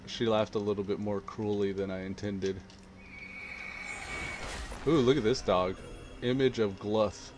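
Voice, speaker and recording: A man giving casual gameplay commentary with relaxed, joking, low-key asides. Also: measured pace, long pauses, background noise. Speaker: gameplay streamer.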